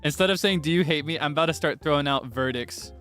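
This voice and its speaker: A man's voice: fairly high pitch, quick pace, fairly bright tone, faint music behind. A young man chatting casually while streaming a game, theatrical and playfully whiny, laughing often.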